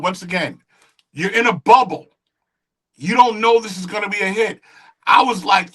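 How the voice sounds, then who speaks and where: Bright-voiced man telling studio stories. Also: sits high, a little fast. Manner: animated storyteller who acts out quoted dialogue. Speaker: guest, music engineer and producer. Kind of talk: casual interview storytelling.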